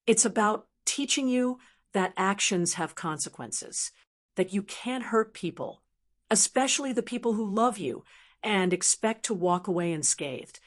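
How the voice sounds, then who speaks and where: A middle-aged woman narrating a dramatic story in the first person, stern and forceful. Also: mid-range voice, expressive, measured pace.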